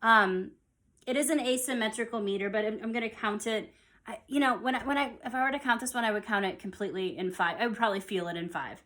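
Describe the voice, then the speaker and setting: A woman teaching an online music theory lesson, counting beats aloud and explaining in a relaxed, conversational way. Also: on the high side, fast talker. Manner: relaxed and conversational, with fillers and restarts.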